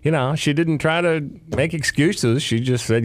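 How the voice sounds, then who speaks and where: A man's voice: a little high, moderate pace. A man hosting a talk radio show, chatting in a rambling, wry way. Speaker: radio host.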